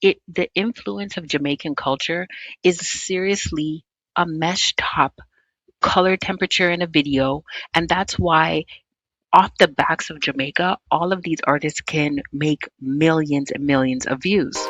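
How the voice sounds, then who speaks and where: A vlog host giving commentary in an animated, teasing way, full of rhetorical questions. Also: mid-range voice, a little slow, no echo.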